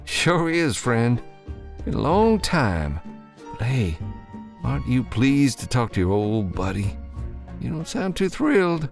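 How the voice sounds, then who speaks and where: A man's voice: mid-range voice, very animated, takes it slowly, gravelly, soft background music, voice pushed up, full character voice. A man voicing a brash American former soldier with a drawl, jovial and needling in an audiobook. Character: brash old American army buddy, male.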